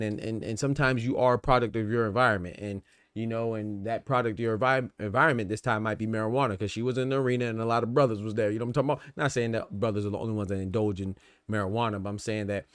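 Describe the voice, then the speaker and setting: A man from the American South hosts a podcast in a relaxed, slangy way and keeps dropping "man" and "you know." His voice sits low. The sound is dry and close, with no room heard around it. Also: quick pace, clean tone, no room sound. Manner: laid-back, slangy, repeats "man" and "you know what I'm saying". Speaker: podcast host. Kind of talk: casual boxing podcast talk.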